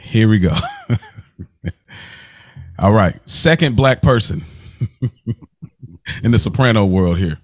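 Laid-back slangy man, low voice. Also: lively intonation, dry recording. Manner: laid-back, slangy, laughs often, quick restarts. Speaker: podcast co-host. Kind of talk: casual chat reviewing a TV episode.

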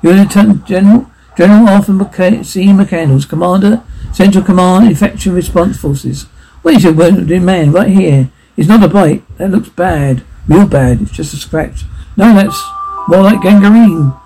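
A man performing a one-man audio drama, voicing every role and switching between clipped military voices and plain talk, with a gravelly voice. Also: high-pitched, normal speed, dark tone, rough recording.

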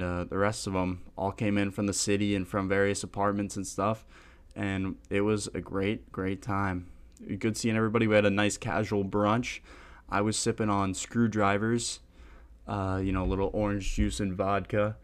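A man's voice: fairly low pitch, flat delivery, moderate pace, clean tone. A young man hosting a podcast, rambling casually and laughing at himself. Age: young adult. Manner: rambling, self-deprecating, laughs often. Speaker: podcast host.

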